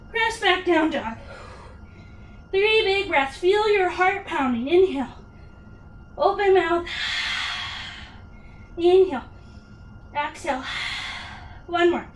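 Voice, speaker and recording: A woman's voice: very high voice, fairly bright tone, echoey room, far from the mic, a little hiss or hum. A woman leading a yoga workout class, counting reps and cheering people on with upbeat cues, getting out of breath. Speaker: yoga instructor.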